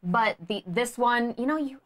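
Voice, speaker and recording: A woman's voice: a little high, expressive, normal speed. A woman co-hosting a board game show, chatting casually and enthusiastically, often laughing. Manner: giggly, enthusiastic. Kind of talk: casual chat.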